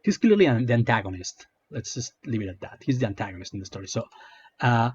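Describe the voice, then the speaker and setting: A man's voice: medium pitch, sing-song, fast, slight background noise. A man doing a casual commentary rant, hesitant and full of fillers, with a sarcastic edge. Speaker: online commentator. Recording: dull lo-fi sound.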